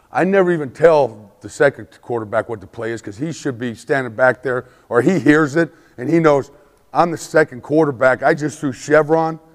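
Emphatic man lecturing coaches in a hall. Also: medium pitch. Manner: emphatic, checks in constantly, acts out shouted play calls. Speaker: football coach presenting a clinic.

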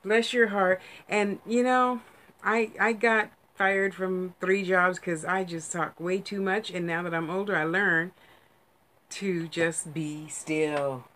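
A woman, chatting casually as a psychic medium on a livestream, effusive and quick to laugh. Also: lowish voice, fairly even intonation, a bit bright. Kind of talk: casual livestream chat to viewers.

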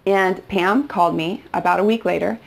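Middle-aged woman instructor, low gravelly voice, chatty storyteller who quotes dialogue. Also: steady tone, normal speed. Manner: retells past conversations, with quoted dialogue. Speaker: real estate investing instructor. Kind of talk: storytelling course lesson.

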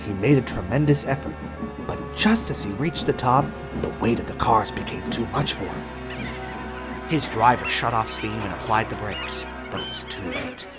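A man narrating a children's story in a gentle, expressive storytelling manner. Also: medium pitch, normal speed, over loud music.

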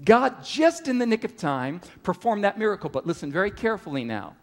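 A middle-aged man preaching a sermon at a camp meeting, telling a story with animated rises and drops. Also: high voice, brisk. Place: large hall at a camp meeting. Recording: reverberant hall.

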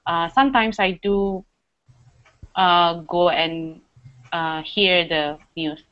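A woman's voice: lowish voice, takes it slowly, smooth, muffled recording. A young woman hosting a casual chat, talking hesitantly with fillers. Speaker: host.

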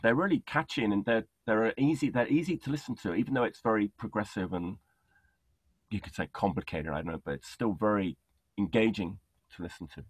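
A man hosts a casual interview over a video call, his voice low and a little husky. He chats eagerly, filling gaps with quick agreement. The sound is dry and close. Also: no room sound. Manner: enthusiastic, chatty, many fillers. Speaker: podcast host.

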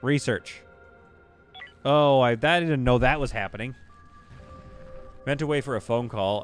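A man's voice: medium pitch, a bit bright. A man streaming a game live, giving exasperated, self-mocking play-by-play commentary with sudden outbursts.

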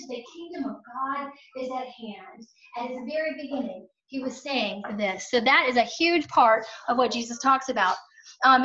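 A woman's voice: on the high side, fairly bright tone. A woman teaching a parish faith class, telling personal stories with earnest, emphatic repetition. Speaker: catechist. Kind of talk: faith formation class talk. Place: church hall or parish classroom. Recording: echoey room, far from mic, dull sound.

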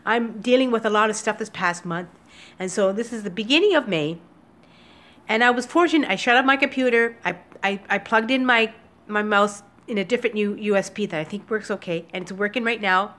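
A woman talking to her viewers in a casual daily vlog from home, emotional and teary, speaking haltingly with many restarts into a computer webcam. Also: mid-range voice, a bit bright. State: upset and teary. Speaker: vlogger. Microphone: computer webcam recording.

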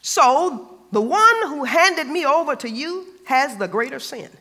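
A man's voice: very high voice, very animated, a little slow, pushed and bright, long reverb tail. A man pastor preaching a sermon, emphatic and colloquial, repeating phrases for stress.

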